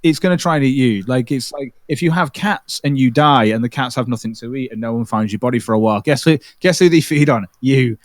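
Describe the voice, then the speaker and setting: A man hosting a livestream, telling stories in an animated, casual way with frequent swearing. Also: mid-range voice, brisk, few pauses, dry recording. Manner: animated storytelling, swears freely, many restarts. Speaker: livestream host. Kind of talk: casual chat.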